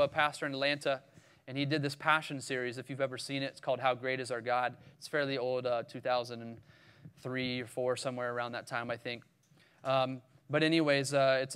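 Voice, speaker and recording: A man with a Caribbean accent preaching a casual, animated sermon, acting out the scripture scenes with sudden loud cries. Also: fairly high pitch, smooth.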